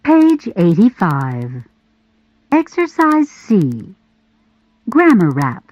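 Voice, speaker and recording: Slow, clear woman reading textbook audio. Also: mid-range voice, wildly swooping pitch, darkish tone, no room sound. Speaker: audio course narrator. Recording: dull, lo-fi audio.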